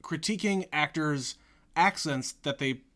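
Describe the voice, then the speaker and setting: A podcast co-host in casual movie chat, relaxed and agreeable, with many short affirmations. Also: medium pitch, a little slow.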